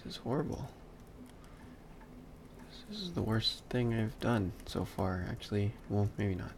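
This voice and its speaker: Man, gravelly low voice, slow talk, muttered tutorial asides, typing behind. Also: very animated, a little hiss or hum. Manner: muttering, self-talk, dry asides while working. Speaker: 3D modeling instructor streaming a class. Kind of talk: casual live-stream tutorial commentary.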